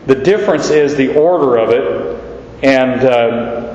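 A male pastor giving an expository sermon, teaching slowly and deliberately and repeating key quotes for emphasis. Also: medium pitch, a little mellow. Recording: echoey hall, dull lo-fi sound.

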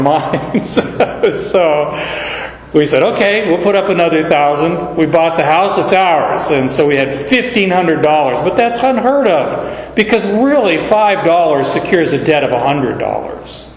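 A middle-aged man from Arizona preaching a sermon, telling stories unhurriedly and rising sharply on key words. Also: fairly high pitch. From Arizona, USA. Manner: unhurried storytelling with sudden emphatic rises. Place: large hall or church. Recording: muffled, echoey hall.

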